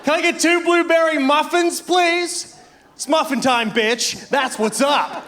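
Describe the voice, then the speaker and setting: A man putting on a loud, obnoxious American tourist who shouts his demands. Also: extremely high pitch, unhurried, a little hiss or hum, voice pushed up. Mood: brash. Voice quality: shouting, brash.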